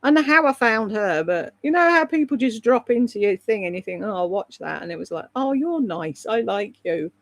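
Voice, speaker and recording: A woman's voice: medium pitch, animated, quick pace, gravelly, hardly any pauses, no room sound. A British woman chatting casually on a live stream, rambling between topics and reading out viewer comments. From Britain. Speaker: live streamer and voice-over artist.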